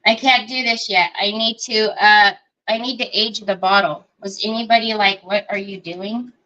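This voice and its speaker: A woman's voice: medium pitch, fairly even intonation, normal speed, bright, forceful tone, lo-fi sound. A woman hosting a live crafting demonstration, chatting and thinking aloud as she works and greeting viewers by name. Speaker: craft livestream host.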